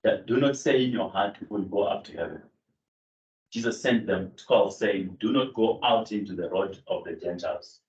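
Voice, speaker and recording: A man's voice: on the low side, normal speed, a little mellow, slight background noise. A man teaching a Greek grammar class, explaining step by step with fillers and self-corrections. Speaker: Greek lecturer. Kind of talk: classroom lecture. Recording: echoey room, distant mic, dull sound.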